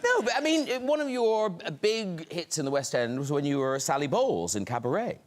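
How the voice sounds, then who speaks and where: A man with an Irish accent hosting a studio talk show, teasing and quick with a laugh. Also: a little high, big pitch swings. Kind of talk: lively studio chat. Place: TV studio with audience. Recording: studio audience noise and laughter.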